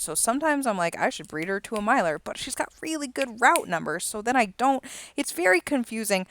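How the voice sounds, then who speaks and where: A woman calling horse races live, her voice lifting and quickening as the field charges down the stretch. Between races she drops into easy, chatty talk about each runner. Her tone is smooth and clean, recorded dry and close with no room sound. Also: medium pitch, a bit bright, no room sound. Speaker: race caller and stream host. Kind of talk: live horse race commentary with casual asides.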